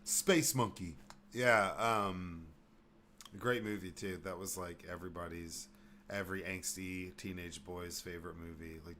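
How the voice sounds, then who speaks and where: A man's voice: low voice, fairly even intonation, a little slow, pushed and bright, a little hiss or hum. A man hosting a podcast in casual chat, laid-back and swearing freely, often trailing off mid-sentence. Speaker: podcast host.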